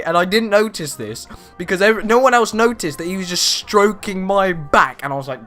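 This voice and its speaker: A teenage boy vlogs a casual story in a high-pitched voice, talking fairly quickly over faint background music. He's animated and rambling, stuffing his telling with "you know" fillers.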